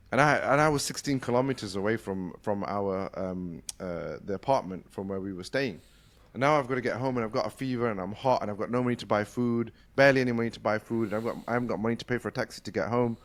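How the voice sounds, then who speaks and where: A middle-aged man from the UK, hosting a casual conversation and telling a story fast, with lots of restarts. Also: lowish voice. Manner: fast-talking, full of restarts. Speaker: podcast host.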